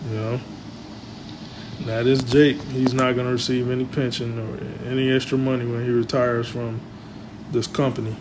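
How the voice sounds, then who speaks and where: Male religious commentator, mid-pitch, rambling and filler-heavy; constant hum behind. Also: level tone, normal speed.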